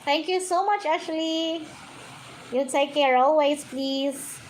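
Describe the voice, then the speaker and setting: High-voiced woman coaxing her pet birds. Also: slow, a little hiss or hum, poor audio. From Philippines. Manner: coaxing, sing-song baby talk to birds, mixing English and Tagalog. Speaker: vlogger. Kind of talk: casual livestream chat and talking to pet birds.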